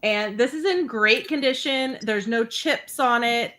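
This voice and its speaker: A woman's voice: a little high, a little slow, pushed and bright. A woman guest seller presenting a vintage item on a live sale, talking in an easygoing, rambling way. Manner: easygoing, rambling product talk.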